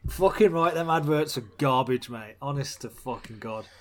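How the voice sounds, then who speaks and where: A man's voice: medium pitch, normal speed. A young man co-hosts a loose podcast chat. He rants bluntly about films, swearing freely and laughing at his own complaints. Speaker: podcast co-host. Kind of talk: casual chat.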